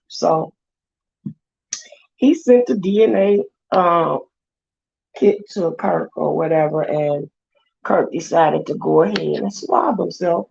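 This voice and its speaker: A woman vlogger, casually retelling a story with lively quoted voices. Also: on the low side, slow, creaky, long pauses, lo-fi sound.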